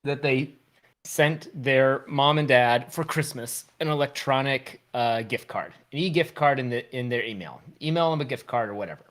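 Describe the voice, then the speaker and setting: A man's voice: mid-range voice, normal speed, a bit bright. A man co-hosting a podcast, joking around and telling a rambling story in casual chat. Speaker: podcast co-host.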